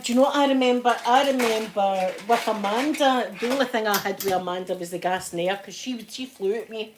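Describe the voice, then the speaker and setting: Ironing as she talks, a Scottish channel host spins chatty stories and laughs often. Her voice is mid-range, with a little background noise in the recording.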